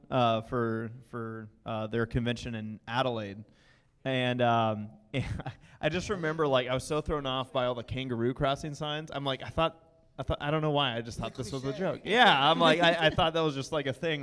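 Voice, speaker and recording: A man's voice: medium pitch, moderate pace, a bit bright. A man moderating a convention panel, chatty and upbeat, with many fillers.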